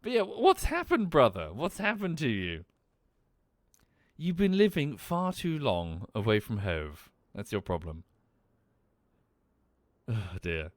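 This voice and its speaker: Lively well-spoken southern English man. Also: mid-range voice, slow, long pauses, no room sound. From England. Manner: chatty, thinks aloud, thanks viewers. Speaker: game streamer. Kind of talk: live gameplay commentary and chat.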